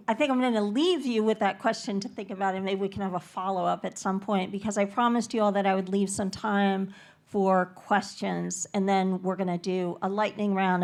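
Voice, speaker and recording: A woman moderating a conference panel, moved and emotional, steering toward audience questions. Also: mid-range voice. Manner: warm, emotional. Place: conference stage.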